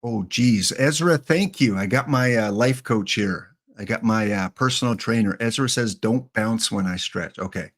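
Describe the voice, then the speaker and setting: A man's voice: fairly low pitch, normal speed, few pauses, a bit bright. A Canadian man in his fifties, a game streamer chatting casually and jokily with his viewers. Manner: rambling, jokey, talks to chat. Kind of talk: casual live-stream chat.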